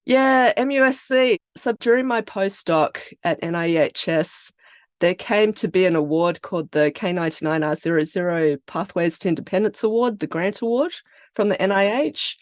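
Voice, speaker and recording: An Australian woman with a slightly low voice talks through her science and career in an easy, explanatory way. She sounds close and dry on a podcast mic, with no room around her. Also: normal speed, dry recording. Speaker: biotech company founder and CEO. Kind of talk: podcast interview answers.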